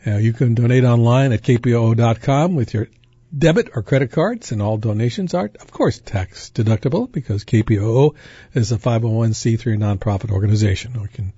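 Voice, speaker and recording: A man's voice: mid-range voice, a little fast, mellow, husky, no room sound, highs cut off. A man working as a radio DJ, making a casual fundraising appeal on air, who repeats details and drifts into tangents. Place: radio studio.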